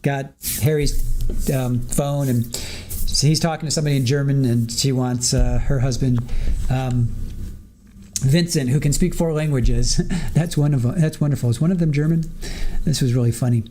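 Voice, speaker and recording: A man's voice: mid-range voice, moderate pace, dark tone, slight background noise. A man recapping a trial in casual live commentary, laughing often as he retells what witnesses and the judge said.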